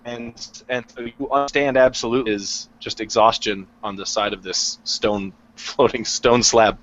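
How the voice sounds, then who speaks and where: A man telling his character's moments in a tabletop game, in slow, descriptive storytelling. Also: medium pitch, steady tone, a bit bright. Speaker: player. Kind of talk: tabletop role-play narration. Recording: dull lo-fi recording.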